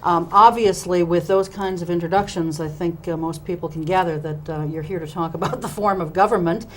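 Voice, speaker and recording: Woman talk-show host, slightly low voice, chatty, filler-heavy, faint hiss. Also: fairly even intonation, brisk, rough recording. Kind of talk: local TV interview.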